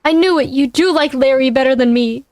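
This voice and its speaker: An excitable, lovestruck young sponge who blurts everything out in a rush, as a woman puts him on while reading a storybook. He pitches high and dramatic. The sound is dry and close. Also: fairly quick, no room sound, natural voice. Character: eager, nervous young male sea sponge, lovestruck.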